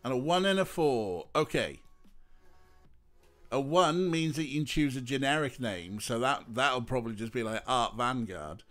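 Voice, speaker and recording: A man's voice: mid-range voice, expressive, moderate pace, a bit bright. A man streaming a game, chatting casually with his viewers and laughing often, with faint game music behind. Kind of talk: casual let's-play commentary.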